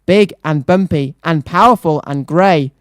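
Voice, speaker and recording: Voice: mid-range voice, unhurried, dry recording, studio quality, lightly acted. A reader doing panicked, panting townsfolk. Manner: panting, gasping, breathless. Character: panicked crowd of farmers and townsfolk.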